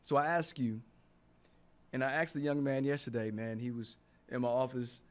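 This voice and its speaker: A man's voice: mid-range voice, moderate pace. A man hosting a motivational radio talk show, speaking earnestly and from the heart, repeating phrases for emphasis in a studio.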